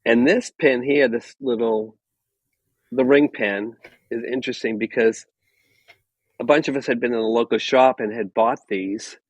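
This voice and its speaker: A man shares relaxed anecdotes in casual podcast chat and chuckles now and then. His recording sounds dry and somewhat muffled, with a medium pitch. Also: a little slow, no room sound. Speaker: podcast guest.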